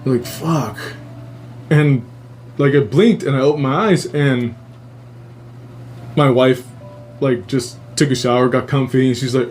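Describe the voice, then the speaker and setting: A man hosting a podcast, telling his own strange dream stories in a casual, profane, animated way and jumping into high voices when he quotes people. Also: unhurried, pauses often, soft background music. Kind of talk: casual storytelling.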